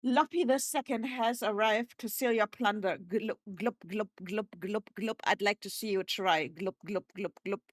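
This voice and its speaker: A hoarse woman voicing a greedy pirate sea creature that gurgles between its taunts. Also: medium pitch, a little slow, hardly any pauses, dry recording, natural voice. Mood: taunting. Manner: gurgling, growled pirate talk.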